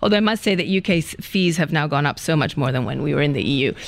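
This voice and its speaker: A woman in her forties, a regular panelist, chatting in a lively way on a radio show. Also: sits low, fast talker, gravelly. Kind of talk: casual chat.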